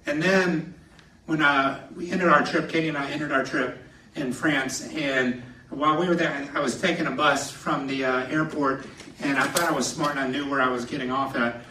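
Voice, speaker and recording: A man preaching a sermon as a pastor, telling personal stories in an animated way and laughing through them, from a podium in a church sanctuary. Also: fairly high pitch, moderate pace, a little hiss or hum. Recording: echoey hall, somewhat distant.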